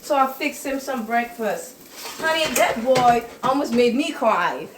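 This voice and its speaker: An older woman in her kitchen telling family stories in a casual chat, animated and acting out what people said. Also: a little high, a little slow, roomy sound, background noise. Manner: animated, acts out quoted dialogue in raised voice. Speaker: step-mother giving life advice. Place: home kitchen.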